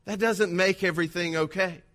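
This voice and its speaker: A man with a high voice delivers a sermon. He preaches with energy and drama, acting out quoted speech as he goes. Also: steady tone, moderate pace, fairly bright tone. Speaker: pastor.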